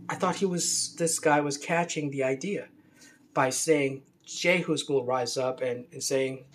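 A man talking in a rambling, unscripted monologue, with many restarts and fillers and a scornful edge. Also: fairly high pitch. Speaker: commentator on religion.

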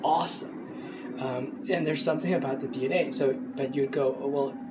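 A man giving an unscripted talk, halting often with fillers and restarts. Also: medium pitch, steady tone, noisy background. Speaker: speaker giving a talk on gender. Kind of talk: unscripted lecture.

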